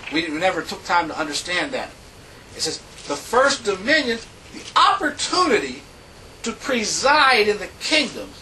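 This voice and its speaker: A man preaching a sermon, reading scripture in an emphatic, drawn-out way with big rises and falls in pitch. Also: sharp tone, far from the mic, a little hiss or hum, rough recording.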